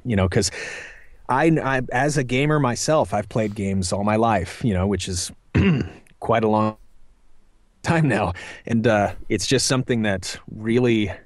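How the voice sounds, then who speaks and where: A middle-aged voice actor answers interview questions as a guest, thinking things through in a meandering way with many fillers. His voice is lowish and the recording is dry.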